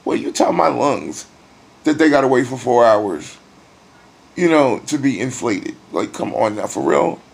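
A middle-aged man in a hospital room, weary and near tears, talking in a personal video diary with sighs and halting pauses. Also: medium pitch, expressive, gravelly, slightly rough. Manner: emotional, sighing, halting. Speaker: vlogger.

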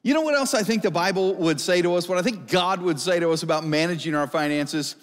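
High-voiced man preaching a sermon. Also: fast talker. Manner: conversational, asks the congregation questions. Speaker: pastor. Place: church service hall. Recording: long hall reverb.

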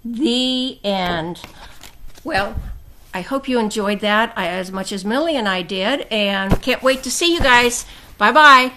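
A woman teacher reading a picture book aloud to children, gentle and explanatory. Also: medium pitch, slow, noisy background.

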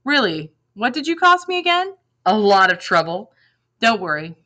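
A woman's voice: medium pitch, big pitch swings, normal speed, pushed and bright, voice pushed up. A woman reading a novel aloud, voicing a wounded young man who teases dryly and stubbornly. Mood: teasing. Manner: dry, teasing.

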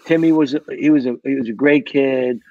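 Gravelly New man telling old stories. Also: mid-range voice, brisk, mellow, no echo, highs cut off. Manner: rambling, repeats words, tells war stories. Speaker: guest, retired fire captain. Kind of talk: casual storytelling.

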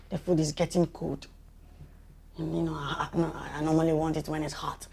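A man's voice: a little high, creaky, mellow. A man with a Nigerian accent playing a besotted husband who stammers, pleads and dotes on his wife in a Nollywood movie. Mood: doting. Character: besotted hen-pecked husband, soft and begging. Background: background music.

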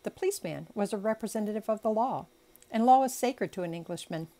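A woman's voice: mid-range voice, lively intonation, fast talker, mellow. A woman reading a classic novel aloud as an amateur audiobook, making chatty asides and stumbling over unfamiliar words. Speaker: audiobook reader.

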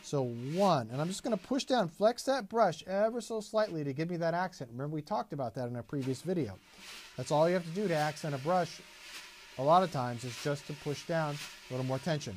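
A man's voice: fairly high pitch, lively intonation, brisk, a little mellow, a little hiss or hum. A man teaching a drum lesson, patiently explaining and counting beats aloud as he plays. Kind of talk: instructional demonstration.

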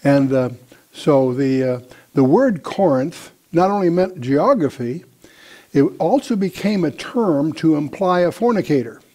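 A man teaching a Bible study lecture in a measured, deliberate way, pausing often with "uh". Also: fairly high pitch, animated, a little mellow.

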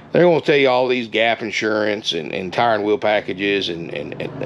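A man giving a casual, folksy sales pitch for an RV, repeating himself and calling viewers "guys". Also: slight background noise. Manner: folksy, repetitive, keeps saying "guys".

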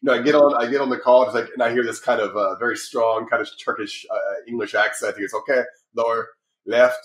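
A man's voice: medium pitch, fast, reverberant. A middle-aged man guesting on a podcast, talking casually and rambling with lots of restarts and fillers. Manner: rambling, lots of restarts and fillers, animated when telling stories. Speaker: podcast guest, publishing company founder. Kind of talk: casual interview talk.

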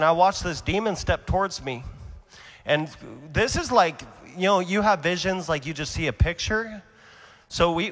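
A young adult man preaching his testimony at a conference, earnest and animated, swinging between loud and hushed delivery. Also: mid-range voice. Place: large conference hall. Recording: long hall reverb.

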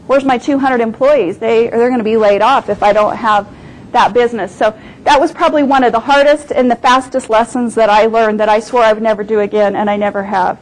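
A middle-aged woman giving a lecture as a guest speaker, telling business stories in an animated way and hammering her points home by repeating them. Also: on the high side, fairly quick, rough recording. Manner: emphatic, repeats points for stress; animated storytelling.

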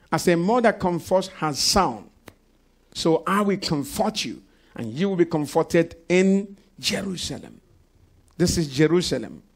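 Male pastor, gravelly, slightly high voice, preaching with congregation call-outs. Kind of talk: sermon. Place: church service.

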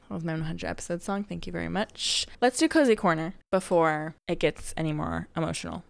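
A young woman talks straight to her viewers in a loose, chatty way, gushing and filling her sentences with "like." Her voice is smooth and clean, recorded close and dry with no room sound. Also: on the low side, very animated, fairly quick, hardly any pauses, no echo. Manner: chatty, gushing, says "like" often. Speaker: gaming video creator. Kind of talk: casual heartfelt talk to viewers.

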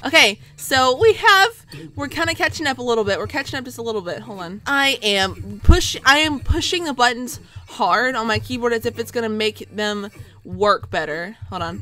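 A young woman giving excitable gameplay commentary, shouting and groaning as she plays. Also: high voice, a little fast. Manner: shouts and wails at losses, excitable. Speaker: gaming video host.

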